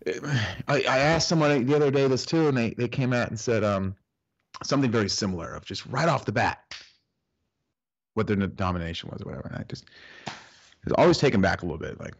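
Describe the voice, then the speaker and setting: A man's voice: medium pitch, expressive, quick pace, pauses often, highs cut off. A man co-hosting a casual podcast conversation about the Bible, telling anecdotes and acting out what other people said. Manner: tells anecdotes and acts out other people in quotes. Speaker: co-host.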